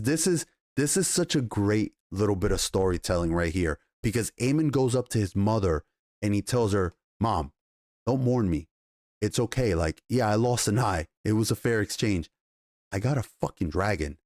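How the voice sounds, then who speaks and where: A man casually reviewing a TV episode, retelling scenes with excited, profane enthusiasm and quoted dialogue. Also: fairly low pitch, dry recording, studio quality. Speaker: TV show reviewer.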